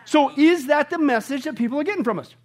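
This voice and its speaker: A male pastor preaching a sermon, animated, swinging between bursts of shouted excitement and hushed asides. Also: extremely high pitch, fast talker.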